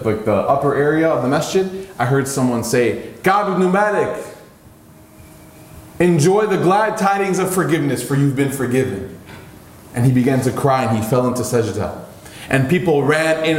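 A man preaching a sermon, telling a story with animation and his voice climbing high when he acts out pleading lines. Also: roomy sound.

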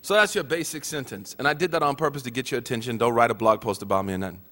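A man's voice: mid-range voice, rapid-fire, fairly bright tone. A man giving a teaching talk at a religious gathering, mixing joking asides with earnest points, in a hall with a long echo.

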